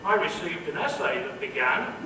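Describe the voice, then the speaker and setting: A man's voice: fairly high pitch, very animated, normal speed. Witty man speaking in a cavernous hall. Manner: dry, witty delivery of jokes and quotes. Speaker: commencement speaker, professor. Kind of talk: humorous commencement address. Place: large indoor hall. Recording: echoey hall, distant mic, noisy.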